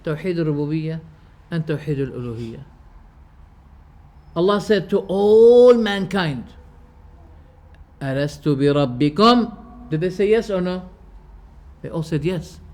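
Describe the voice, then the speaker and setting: A man's voice: fairly high pitch, lively intonation, a little slow, pauses often, darkish tone. Emphatic man teaching a class. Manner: emphatic, with rhetorical questions and frequent restarts; explains terms by restating them. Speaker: religious teacher. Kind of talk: lecture to a class.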